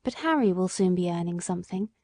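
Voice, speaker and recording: A woman reading an audiobook, voicing a gentle, devoted working-class wife who speaks softly and from the heart. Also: fairly low pitch, animated, brisk, dry recording. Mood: heartfelt.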